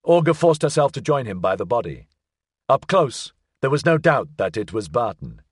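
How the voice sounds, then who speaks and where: A man reading a suspense story aloud, his voice slightly husky and his pitch moving in lively rises and falls. The recording is close and dry, and the pacing holds the tension steady. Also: normal speed, no room sound. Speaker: audiobook narrator. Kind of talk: scripted narration.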